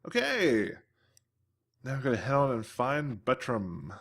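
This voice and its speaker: A man's voice: medium pitch, expressive, normal speed. A man hosting a game playthrough, giving casual commentary with wry, self-deprecating remarks. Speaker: gameplay host.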